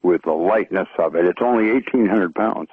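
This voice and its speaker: An older male guest comes through a dull, muffled phone-in line. His voice is low and husky, and he talks through technical details with enthusiasm, dotting his speech with fillers and chuckles. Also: moderate pace, no room sound. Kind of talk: phone-in radio interview.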